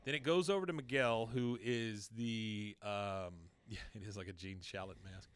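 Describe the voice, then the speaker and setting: A man co-hosting a podcast, casually retelling a cartoon episode and acting out its lines in quick bursts. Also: fairly low pitch, a bit bright, clean tone, no echo. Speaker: podcast co-host recapping an episode. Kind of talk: casual chat, retelling scenes.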